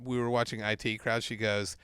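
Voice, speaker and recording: A man co-hosting a casual comedy podcast, animated and quick to laugh. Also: fairly low pitch, clean tone. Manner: animated, breaks into shouted sung bits and laughter. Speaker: podcast co-host.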